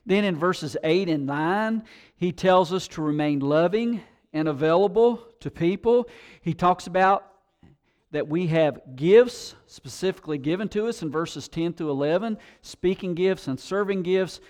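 A male pastor preaching a sermon, telling stories with animated emphasis and rising intensity. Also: high voice, a little slow, clear, resonant tone.

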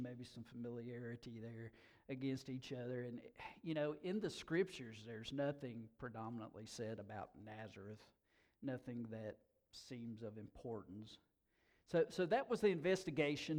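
A man preaching a sermon at an easy, unhurried pace. He talks in a folksy, casual way, full of asides like "man" and "you know.". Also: mid-range voice, darkish tone. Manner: slow-talking, by his own account. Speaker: pastor.

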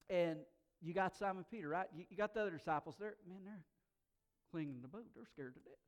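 A male pastor preaching a sermon in a conversational way, swinging from quiet asides to loud, emphatic bursts. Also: high-pitched, fast talker. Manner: conversational, folksy fillers.

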